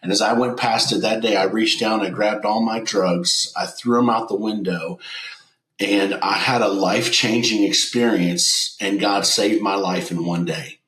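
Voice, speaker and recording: A man's voice: fairly low pitch, fairly even intonation, unhurried, a bit bright. Earnest man, roomy sound. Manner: earnest storyteller who acts out quoted dialogue. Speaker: guest business owner. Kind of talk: emotional personal testimony.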